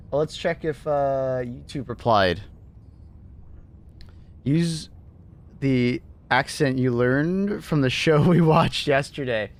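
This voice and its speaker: A man's voice: mid-range voice, a bit bright. A man chatting casually to his live-stream viewers in a laid-back, slangy way, laughing often.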